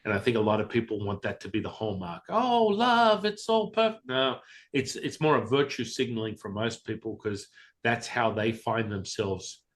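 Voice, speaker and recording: A man's voice: on the low side, fairly even intonation, normal speed. A man being interviewed as a spiritual teacher, candid and blunt, casually swearing and acting out voices as he tells his stories. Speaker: Taoist teacher, interview guest.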